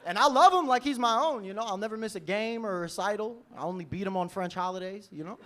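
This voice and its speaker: High-pitched and fast, this man is a 20-something New York comic onstage at a comedy club. The delivery is lively and relaxed; he laughs at his own material and leans on "you know?" frequently.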